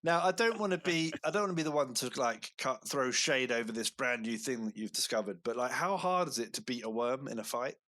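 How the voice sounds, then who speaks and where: A man's voice: medium pitch, lively intonation, brisk, few pauses, pushed and bright. A man co-hosting a podcast, chatting loosely, agreeing often and spinning jokey scenarios. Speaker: podcast co-host. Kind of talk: casual banter.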